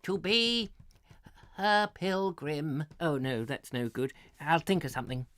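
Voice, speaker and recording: A man's voice: on the high side, measured pace, a bit bright. A man voicing Shakespeare fussily muttering and rejecting his own drafts. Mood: fussy. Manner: fussy, self-dismissing muttering.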